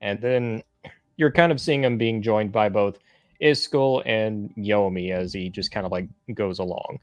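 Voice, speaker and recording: A man co-reviewing comics in casual chat, speaking in a measured, thoughtful, analytical way. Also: on the low side, no echo, highs cut off, faint music behind.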